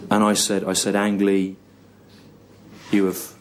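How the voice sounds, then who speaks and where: A low-voiced English man in his thirties doing stand-up. He drags out his story in a slow, halting deadpan, circling back over the same lines. The recording carries heavy background noise. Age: 30s. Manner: slow, halting deadpan delivery with long pauses and repetition. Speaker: stand-up comedian. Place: comedy venue on stage with audience laughter.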